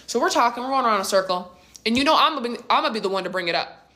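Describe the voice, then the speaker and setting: A young woman telling a casual storytime in an animated, slangy, conversational way. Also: on the high side, rapid-fire.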